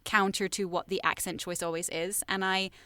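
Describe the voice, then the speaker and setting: A woman's voice: medium pitch, little pitch movement, sharp tone, no room sound. A woman voice actor with an American accent and a slight Southern twang, chatting casually in an interview and joking at her own expense. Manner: chatty, self-deprecating, quick asides. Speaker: voice actor guest.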